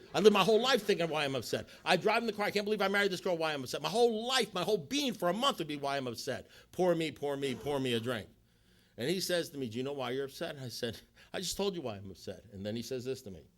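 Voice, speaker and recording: A middle-aged man speaking to a recovery group, telling his story and acting out the dialogue with quick asides, sometimes dropping to a low, quiet voice for emphasis. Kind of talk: testimony talk.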